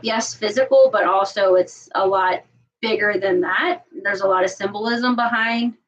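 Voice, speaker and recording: A woman in her thirties talks casually and earnestly, circling her thoughts with plenty of fillers. Her voice sits a little high. She sounds set back from the microphone. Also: distant mic, a little hiss or hum, poor audio. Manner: rambling, filler-heavy, earnest. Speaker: podcast co-host. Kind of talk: casual chat.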